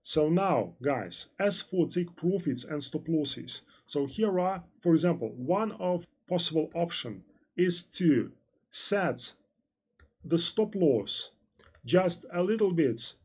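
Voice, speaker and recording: A native Russian speaker with a Russian accent teaches a trading lesson on a live stream, reading out chat questions and answering them haltingly and repetitively, full of fillers. His voice sits on the high side, darkish and breathy-edged, with lively intonation.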